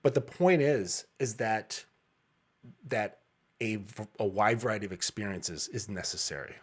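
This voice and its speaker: A man's voice: fairly low pitch, a little slow, breathy edge. A man in his thirties, a dating coach, talking bluntly and casually with frequent profanity and laughs.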